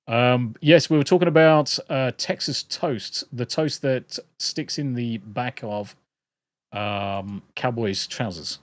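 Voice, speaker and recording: A British man hosting a casual livestream, rambling and joking with viewers and swearing often. His voice sits at an ordinary male pitch, close and dry on the mic. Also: slow, no room sound. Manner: rambling, jokey, swears a lot. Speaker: livestream host.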